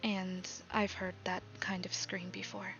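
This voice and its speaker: Lady doing a soft worried patron lady, whispered role-play, hushed and slow, lo-fi with faint music. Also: mid-range voice, monotone. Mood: troubled. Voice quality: hushed, soft-spoken with halting pauses. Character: worried, gentle female warlock patron.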